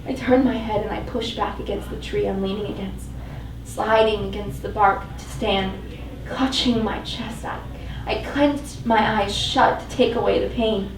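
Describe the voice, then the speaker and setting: A woman's voice: medium pitch, fairly even intonation, normal speed, noisy background. Woman reading dramatic fiction live. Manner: dramatic, emotionally intense reading. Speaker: fiction reader. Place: live event venue. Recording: echoey live venue, mic at a distance.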